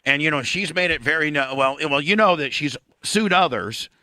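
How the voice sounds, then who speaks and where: A man's voice: a little high, expressive, normal speed, sharp tone, no echo. A man hosting a morning radio show, talking in a brash, rambling way and cutting in often. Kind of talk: casual radio talk.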